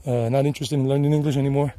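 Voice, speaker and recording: Talking very fast in a warm, level, medium-pitched voice, a middle-aged Southern man from South Carolina narrates his mountain hike on a handheld phone. He's a travel vlogger and English teacher, sweating from the climb, and his casual talk is chatty, meandering, and repetitive. There's no echo.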